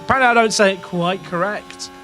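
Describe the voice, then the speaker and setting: A man's voice: sits high, fast talker, pushed and bright, slight background noise. An English man, a gaming streamer, talking through his racing-management game to chat in a rambling, self-questioning way, with the odd swear word. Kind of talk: casual game commentary to chat.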